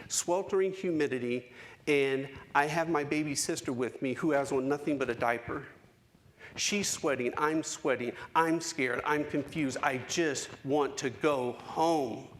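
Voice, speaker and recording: A man in his forties giving a keynote speech, telling a personal story with dramatic pauses and emphasis. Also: on the high side, a little hiss or hum. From United States. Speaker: keynote speaker. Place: conference hall stage.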